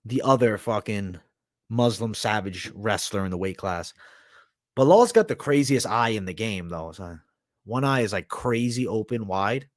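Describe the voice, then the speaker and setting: A man's voice: medium pitch, dry recording, clean studio sound. A young man hosting a livestream, talking in a crude, rambling, profanity-heavy slang as he reads and answers chat. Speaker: livestream host.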